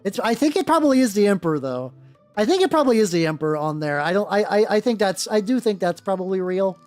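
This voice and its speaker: A woman's voice: mid-range voice, big pitch swings, fast talker, darkish tone. Rambling, profane woman streamer. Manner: rambling, profane, many restarts. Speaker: streamer and host. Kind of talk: casual livestream chat while painting. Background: faint background music.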